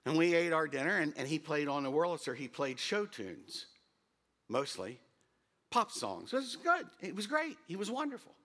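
A middle-aged man preaching a storytelling sermon as pastor, animated, humming tunes and raising his voice for emphasis. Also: a little high, moderate pace.

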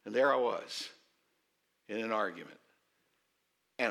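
A man in his fifties, a pastor telling a story in his sermon in a conversational, self-deprecating way with dramatic pauses. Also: on the low side, gravelly, sharp tone.

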